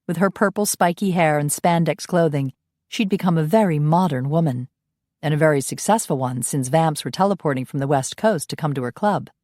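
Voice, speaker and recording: Woman reading an audiobook, low voice, dry close sound. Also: brisk, darkish tone, no room sound. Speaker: audiobook narrator. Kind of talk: scripted narration.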